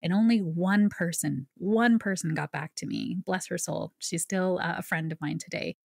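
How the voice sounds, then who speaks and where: A woman who works as a psychic medium appears as a podcast guest, speaking at normal speed in a low, creaky voice. She shares her story and explains ideas earnestly and conversationally, adding lively asides. The audio is clean studio sound with no echo.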